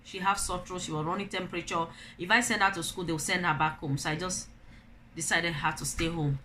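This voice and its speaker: Bright-voiced Nigerian mother vlogging. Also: fairly low pitch, brisk, a little hiss or hum. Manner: animated storytelling with rhetorical questions. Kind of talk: opinion vlog talking to camera.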